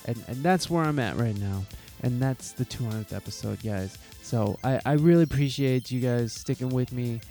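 A man with a dark, mid-range voice hosts his own solo podcast, speaking earnestly and from the heart. He swears casually and restarts his sentences often.

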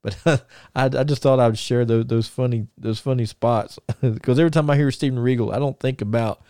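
A man talks casually on a podcast, retelling old stories in a loose, rambling way full of restarts. His voice is mellow and warm. The recording is close and dry. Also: medium pitch, fairly even intonation, fairly quick, clear, resonant tone, no echo. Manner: rambling storyteller, many restarts and chuckles. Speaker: podcast co-host. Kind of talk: casual chat.

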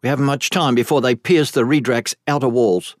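A man voicing an urgent royal servant in an audiobook, hurried and pressing. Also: medium pitch, steady tone, no echo, studio quality, close to an everyday voice. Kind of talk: audiobook character voice.

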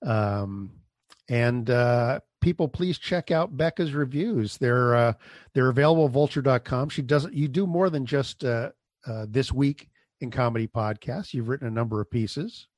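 A man's voice: medium pitch, moderate pace, darkish tone, no room sound, studio quality. A man hosting a podcast, chatting casually with a guest and reading the outro, rambling with fillers. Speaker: podcast host. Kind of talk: casual interview chat and show outro.

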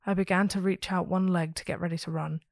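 Woman reading out a spooky story, lowish voice, dry close sound. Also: fast, gravelly, no echo. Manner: steady, expressive storytelling. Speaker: story podcast host. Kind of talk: reading a listener's ghost story aloud.

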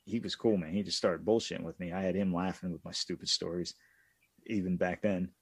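A man co-hosting a casual podcast, telling profane, animated stories from his youth. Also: deep voice, brisk, slightly rough, dry recording. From Pittsburgh area. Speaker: podcast co-host. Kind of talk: casual storytelling chat.

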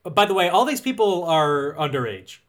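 A man co-hosting a podcast, recapping a movie in casual chat with wry, deadpan asides. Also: on the high side, normal speed. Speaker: podcast co-host.

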